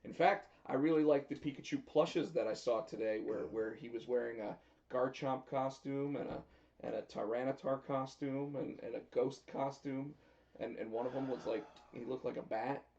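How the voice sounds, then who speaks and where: A man hosts a casual talk stream in a relaxed way and reads viewer comments aloud. His voice is gravelly and dark, and the audio is muffled and lo-fi. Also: medium pitch, normal speed. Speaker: host. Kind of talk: casual chat.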